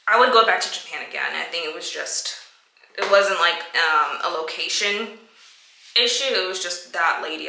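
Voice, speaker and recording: In an echoey room, a woman vlogger casually answers viewer questions, telling stories and acting out her own reactions in quotes. Her voice is lowish, bright, and forceful.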